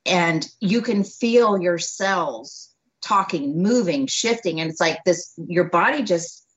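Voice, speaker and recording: Telling her story on an interview, a female doctor brings it to life, performing the dialogue and laughing frequently. She has a somewhat low voice, heard through dull, low-fidelity audio.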